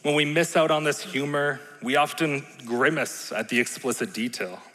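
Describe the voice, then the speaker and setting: A man's voice: mid-range voice, normal speed, pushed and bright. A man preaching a sermon in a conversational, playful way, often checking in with the room. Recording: long reverb in a large hall.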